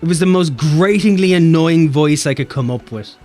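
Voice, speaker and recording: A man with an Irish accent, chatting playfully on a game live stream and jumping between deep and high voices. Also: normal speed, darkish tone, soft background music. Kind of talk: casual live-stream chat.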